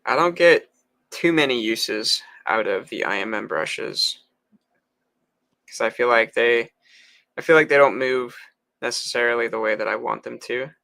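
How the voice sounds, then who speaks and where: Slow gravelly man, casual stream chat. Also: medium pitch. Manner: slow, relaxed, with frequent fillers. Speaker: livestream co-host sculpting. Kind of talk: casual chat while digital sculpting.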